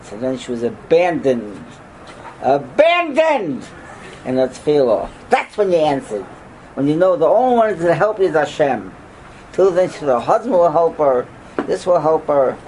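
Animated older man, Torah class lecture, somewhat high for a man, swooping pitch, rhetorical questions, sudden loud outbursts. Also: moderate pace, a little hiss or hum, low-quality recording. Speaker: rabbi teaching a class.

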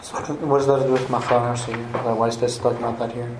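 A man in a study group fires off questions very fast, halting and restarting as he goes. He is recorded in an echoey room with clear background noise and clicks. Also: mid-range voice, level tone. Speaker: student.

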